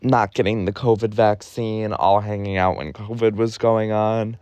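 Young male podcast host from Ohio, low-pitched and dry-sounding, blunt and profane, exasperated, quick sardonic asides. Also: steady tone, a little mellow, clean tone, no echo, lo-fi sound. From Ohio, USA. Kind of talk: candid solo podcast monologue.

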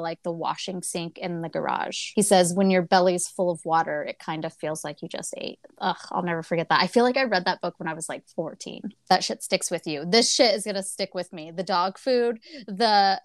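A young adult woman co-hosting a casual book club podcast, animated, laughing a lot and swearing freely. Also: on the low side, brisk, few pauses, no room sound, clean studio sound. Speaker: podcast co-host.

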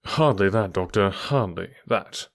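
A shrewd, cool detective from a storybook reading, played by a man. He speaks in a bland, smooth, measured way, and the voice is dry and close, with no room sound. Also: fairly low pitch, no echo, close to an everyday voice. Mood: blandly probing. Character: cool, shrewd male detective, middle-aged.

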